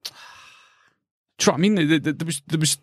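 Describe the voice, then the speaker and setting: A man's voice: on the high side, moderate pace, husky, no echo, clean studio sound. Sweary ranting Scottish man. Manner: ranting, sweary, animated storytelling. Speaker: podcast co-host. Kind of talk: casual chat.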